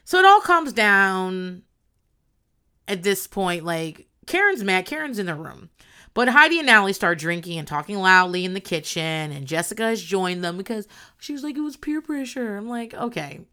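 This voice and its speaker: In a casual reality show recap, a woman gets loud and animated, swearing without restraint, laughing often, and acting out what people said. Her medium-pitched voice is smooth, at a moderate pace.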